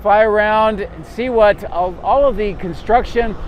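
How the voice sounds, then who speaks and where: A man hosting a casual narrated update for his drone vlog, speaking in an easygoing way with many filler pauses. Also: high-pitched, lo-fi sound, slight background noise. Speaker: drone vlogger.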